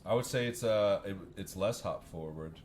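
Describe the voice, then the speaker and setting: A man comedian on a podcast with a slightly low voice, describing beer in a deadpan, mock-earnest way. Faint noise runs under him. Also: normal speed. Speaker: comedian guest. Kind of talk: casual chat.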